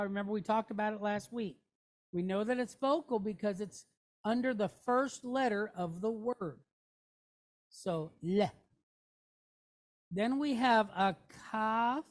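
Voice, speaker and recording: A woman teaching a Hebrew reading lesson, sounding out each syllable patiently and checking in with her listeners. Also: mid-range voice.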